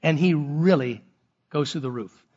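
A pastor preaching a sermon, earnest, acting out short quoted lines of a husband and wife. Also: male voice, fairly high pitch, unhurried, a little mellow, muffled recording.

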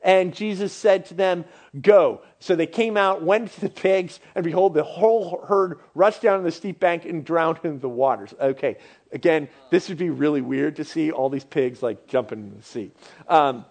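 A man preaching a sermon in a casual, animated way, at times dropping to a near-whisper. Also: a little high, measured pace. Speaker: pastor.

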